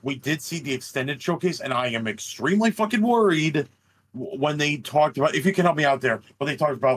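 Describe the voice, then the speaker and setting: Animated swearing man in casual chat. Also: on the high side, brisk. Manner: animated, swears and laughs often. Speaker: podcast co-host.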